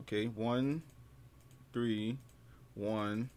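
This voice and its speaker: A young man streaming a horror game, loud and jumpy at the scares, full of slang and swearing, muttering to himself as he explores. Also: lowish voice, fairly even intonation, extremely slow, slight background noise. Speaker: gaming streamer. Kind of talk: horror gameplay commentary.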